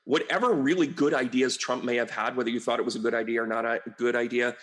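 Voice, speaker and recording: Middle-aged American man, a medium, rambling casual monologue to camera, mid-pitched. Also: fairly even intonation, fast talker, fairly bright tone. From United States. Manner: rambling, chatty, with frequent fillers and asides. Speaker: medium and astrologer.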